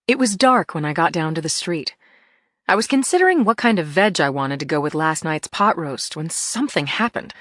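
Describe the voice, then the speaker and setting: A woman's voice: on the low side, no room sound, studio quality. A woman reading an audiobook in the first person, with tense, emphatic storytelling. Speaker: audiobook narrator.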